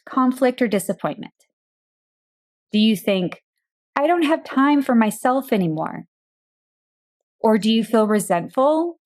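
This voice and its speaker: Woman, coaching podcast host, calm direct monologue, mid-pitched voice.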